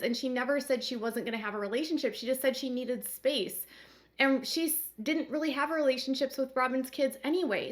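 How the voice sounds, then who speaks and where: A woman talks through a reality-show recap in a loose, chatty manner, full of "like"s and speculation. Her voice sits a little high for a woman. She sounds conversational and unscripted. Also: fairly bright tone. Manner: chatty, speculative, many "like" fillers. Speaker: commentary host. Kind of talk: casual commentary recap.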